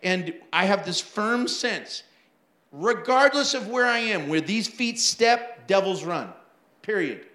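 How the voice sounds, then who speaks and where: A man's voice: sits high, lively intonation, slow, sharp tone, echoey room. A man preaching a sermon as pastor, telling stories animatedly with laughs and acted-out asides.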